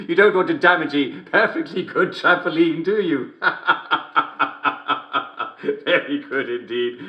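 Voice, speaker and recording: A giggling, cruel English TV host. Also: male voice, on the high side, a bit bright, lo-fi sound. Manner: jolly, giggling constantly between lines. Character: gleeful middle-aged male TV host, smugly cruel. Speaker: television host. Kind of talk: video game character performance. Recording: roomy echo.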